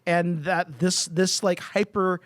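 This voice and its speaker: Brief: man panelist, stumbles and restarts, high pitch, dry sound. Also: steady tone, no room sound. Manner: halting, repeats words as he starts. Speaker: podcast panelist. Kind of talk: casual chat.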